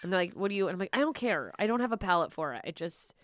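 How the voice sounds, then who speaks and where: A woman's voice: fairly low pitch, lively intonation, rapid-fire, no echo. A woman comedian chatting casually as a studio guest, loose and joking, swearing and laughing often. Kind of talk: casual podcast chat.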